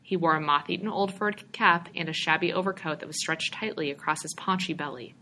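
A woman giving a steady audiobook narration of a short story. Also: low-pitched, brisk, a little hiss or hum. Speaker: reader.

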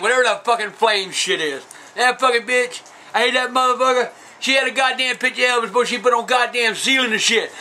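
A cranky old trailer-park man, played by a man rants through a comedy Q&A in a strikingly high, piercing voice. He swears constantly, rambles off topic and insults whoever asked the question. His delivery is bright and edged rather than gruff. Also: heavily acted, low-quality recording. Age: older. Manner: profane, rambling, insulting ranting. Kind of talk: comedic character Q&A.

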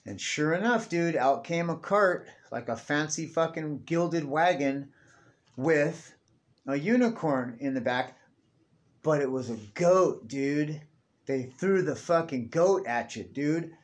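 A man's voice: fairly high pitch, expressive, slow. A young man ranting casually to camera, profane and rambling, tacking "dude" onto everything. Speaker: vlogger.

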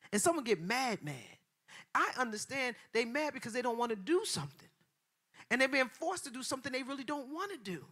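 A woman pastor preaching a sermon in a colloquial way, repeating phrases and rising from hushed passages to loud, shouted preaching. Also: sits high, very animated, fairly quick. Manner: colloquial, repeats phrases, acts out quoted voices.

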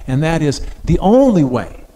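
A man preaches a sermon in a relaxed, conversational way, stopping often to ask his listeners questions. His voice sits a little high for a man, and it carries a long reverb, as if from a large hall. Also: normal speed, slight background noise. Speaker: pastor.

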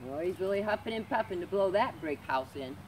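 A woman librarian reading a storybook aloud to children, gentle and expressive. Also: lowish voice, brisk, a little hiss or hum. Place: community library.

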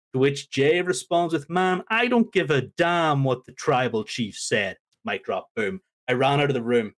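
A man hosting a podcast, animatedly recapping a wrestling segment and acting out the lines he quotes. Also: a little high. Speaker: podcast host.

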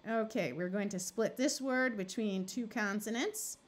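A woman tutor teaching a phonics lesson, explaining slowly and sounding out words syllable by syllable. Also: medium pitch. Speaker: reading tutor.

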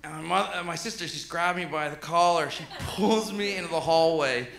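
A man in his thirties doing an animated stand-up set in a comedy club, often jumping into high-pitched voices for characters. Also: a little fast, creaky. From Canada. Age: 30s. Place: comedy club stage before a live audience. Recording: roomy live club sound with loud crowd laughter.

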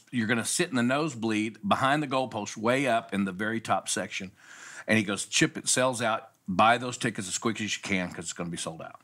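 Middle-aged guy pastor telling a story, bright voice, swings up high a lot, does little voices for people. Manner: animated storyteller, acts out quoted voices. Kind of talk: storytelling in a casual talk show.

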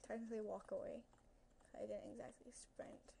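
A woman's voice: fairly high pitch, fairly even intonation, moderate pace, creaky, mellow, slight background noise. A young woman giving casual gameplay commentary into a headset at home, nervous and chatty, talking to creatures in the game and to her viewers. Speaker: gaming video creator.

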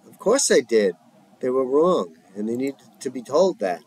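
A man voicing a young woman in therapy, defiant and shaken, read softly from a script. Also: medium pitch, very animated, normal speed, breathy edge, poor audio. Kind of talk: reading a script aloud.

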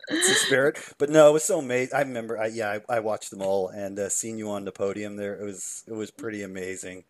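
A man hosts a casual interview. He asks his questions in a relaxed way and backs up his guest with short, encouraging remarks. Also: on the low side, fast talker. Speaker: podcast host.

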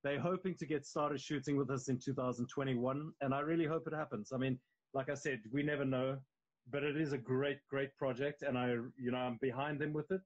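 A man's voice: mid-range voice, fairly even intonation, a little fast. South African man, dull stream audio. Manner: loose and conversational, with many restarts. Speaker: actor guest. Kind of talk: casual interview chat.

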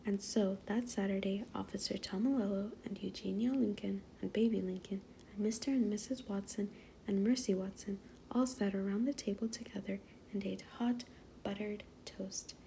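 A woman reads a children's book aloud in a soft, half-whispered way. Her voice is mellow with a gravelly edge, and faint background noise sits under the recording. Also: medium pitch, fairly even intonation, normal speed. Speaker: read-aloud narrator.

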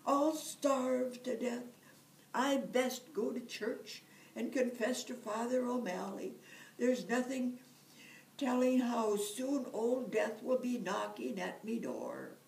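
A woman's voice: on the high side, slow pace, creaky, a little mellow, recorded from a distance, slight background noise, voice pushed up. A woman voicing a lazy, whining Irish peasant man in a put-on Irish accent, recorded from afar in an echoey room. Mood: wailing. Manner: whining, wailing.

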